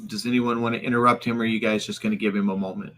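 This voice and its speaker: A man narrating as game master, halting with many fillers and restarts. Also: lowish voice, level tone, a bit bright.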